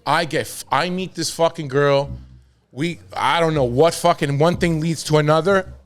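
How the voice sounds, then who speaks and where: A man telling wild stories on a podcast in a loose, profane, animated way. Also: on the high side, normal speed. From New York. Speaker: podcast host. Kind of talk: casual storytelling.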